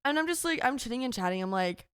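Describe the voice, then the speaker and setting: A young woman in her twenties co-hosting a podcast, telling a story in a playful, animated way and acting out quotes. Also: fairly high pitch, fast, clear, resonant tone, dry recording, studio quality. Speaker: podcast co-host. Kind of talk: casual storytelling chat.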